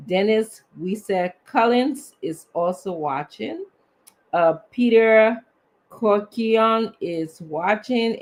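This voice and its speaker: A man, co-hosting a live show and reading out viewers' names, sometimes stumbling over them. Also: high voice. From Liberia. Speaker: co-host.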